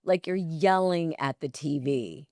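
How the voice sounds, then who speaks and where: A woman's voice: deep voice, unhurried, darkish tone, no room sound, clean studio sound. A woman in her fifties hosting a casual interview, wry and conversational as she asks questions. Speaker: host.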